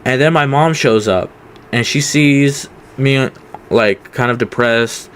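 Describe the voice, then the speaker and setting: A man's voice: mid-range voice, takes it slowly, slight background noise. A young man telling a casual storytime, rambling with many fillers. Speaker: vlogger.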